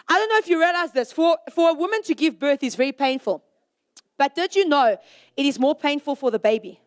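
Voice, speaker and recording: A young woman giving an animated youth sermon to a live audience, acting out short exchanges with God. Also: high-pitched. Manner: animated, acts out little voices for God and herself. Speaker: youth speaker.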